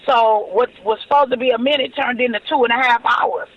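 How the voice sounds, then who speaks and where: A woman's voice: on the high side, fairly quick. A woman in her forties, a podcast guest telling stories animatedly and acting out the dialogue. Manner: animated storyteller who acts out quoted dialogue. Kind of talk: storytelling in a podcast interview. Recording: dull lo-fi recording.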